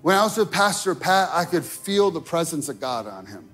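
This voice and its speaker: A man preaching a sermon in a church, talking casually with lots of "like", rising to shouted peaks and dropping to quiet asides. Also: a little high, very animated, moderate pace, soft background music. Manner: casual wording with many fillers like "like". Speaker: pastor. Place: church sanctuary.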